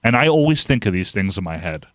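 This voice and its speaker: A man's voice: lowish voice, fast talker, no room sound. A man, hosting a casual livestream, reading viewer comments and rambling with frequent laughs. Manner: rambling, laughs often, animated outbursts. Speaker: livestream host.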